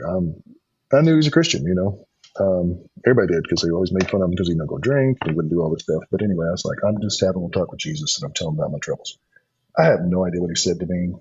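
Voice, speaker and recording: A deep-voiced middle-aged man tells his own story with earnest feeling, stumbling and restarting as he goes. His voice is husky, and the recording is dry and a little dull. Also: no echo. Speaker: podcast guest. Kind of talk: personal testimony in conversation. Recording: dull lo-fi sound.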